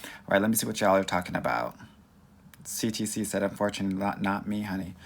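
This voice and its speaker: A man's voice: deep voice, steady tone, fast talker, vocal fry. A young adult man coaching on dating in a live-stream Q&A, sassy and campy, talking with a Valley Girl lilt and calling viewers girl and honey. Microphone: phone or webcam mic for a live stream.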